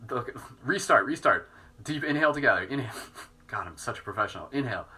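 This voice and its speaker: Male meditation teacher, bright tone, relaxed and soft, guiding breath work. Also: mid-range voice, fast talker, husky, rough recording. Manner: relaxed, soft-spoken, self-mocking. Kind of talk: live guided meditation.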